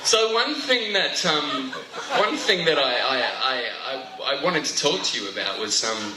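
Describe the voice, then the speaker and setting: A man's voice: mid-range voice, animated, unhurried. A man performing a stand-up routine on stage, chatty and self-mocking, tripping over his own words. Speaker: stand-up comedian. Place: comedy stage before a live audience. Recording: roomy live venue sound, faint noise.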